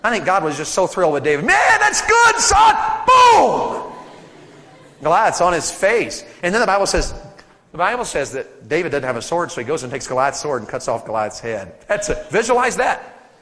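Man, sermon to teenagers, animated, fairly high voice, long hall reverb. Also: fairly quick. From Tennessee. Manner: animated storytelling, sudden loud shouts. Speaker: preacher.

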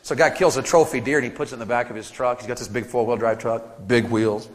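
A man from Tennessee preaching a sermon to teenagers, telling stories animatedly with sudden loud shouts. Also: mid-range voice, fairly even intonation, fast talker. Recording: long reverb of a big hall.

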